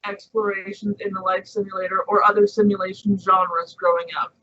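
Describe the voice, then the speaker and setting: A man co-hosting a podcast, steering the chat back on topic in a measured, matter-of-fact way. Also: sits high, little pitch movement, a loud crowd. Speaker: podcast co-host. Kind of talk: casual chat. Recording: dull lo-fi sound.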